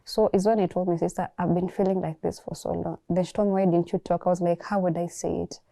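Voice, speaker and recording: A young Kenyan woman calmly telling her personal story, reflective and soft-spoken, often pausing to restart a thought. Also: on the low side, vocal fry, no room sound, studio quality. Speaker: guest sharing her story. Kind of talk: personal testimony.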